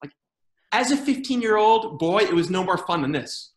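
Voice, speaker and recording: A man's voice: sits high, normal speed. Guy doing standup jokes, voice jumps all over, echoey room. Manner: animated joke-telling with funny put-on quoted voices. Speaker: stand-up comedian. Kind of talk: comedy routine. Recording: roomy echo.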